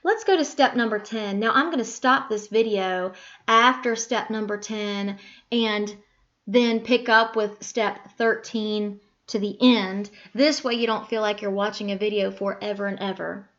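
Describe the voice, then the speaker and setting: A woman teaching a screen-recorded software lesson, patiently talking through each click and correcting her own slips aloud. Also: medium pitch, fairly even intonation, a little slow, dull audio.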